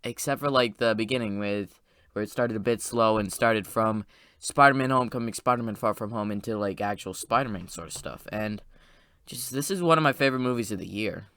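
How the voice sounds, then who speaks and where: A man giving a casual, rambling spoiler review of a movie, excited and full of fillers and restarts. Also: lowish voice, brisk.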